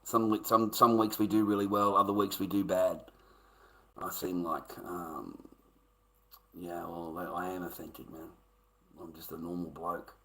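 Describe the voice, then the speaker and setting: A man's voice: deep voice, steady tone, measured pace, bright, forceful tone, rough recording. A middle-aged man with an Australian accent, swearing and rambling through stories as a livestreamer. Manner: profane, rambling, laughs while telling stories. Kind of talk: casual storytelling rant.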